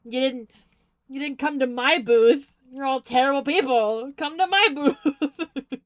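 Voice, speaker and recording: A woman's voice: high voice, a little slow. A woman imitating a teasing, grumpy middle-aged male actor who scolds fans in a mock-offended way. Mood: mock scolding.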